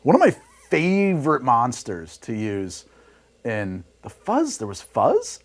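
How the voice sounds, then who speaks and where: A man with a medium-pitched voice swings hugely in pitch and talks slowly. He hosts a livestream while mixing drinks, rambling heatedly in casual chat, cursing freely and laughing often. His studio mic runs through a mixer rig.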